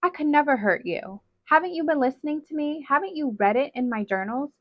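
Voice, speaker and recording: A woman voicing a cruel, possessive witch mother who threatens and commands loudly, on a dull, dry recording. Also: sits high, animated, a little fast, dry recording, pitched above the performer's own voice.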